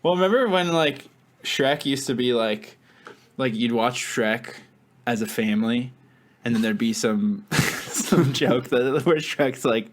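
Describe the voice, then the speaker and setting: A man's voice: mid-range voice, normal speed. A man co-hosting a podcast in casual chat, rambling and laughing often. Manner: giggly, rambling, self-deprecating. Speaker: podcast co-host.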